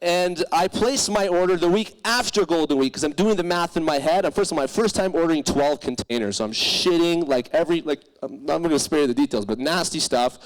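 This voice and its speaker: A young man, a startup founder, telling a comic failure story on stage at a live event, animated and profane, acting out the voices of people he quotes. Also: fairly high pitch, a little fast, rough recording.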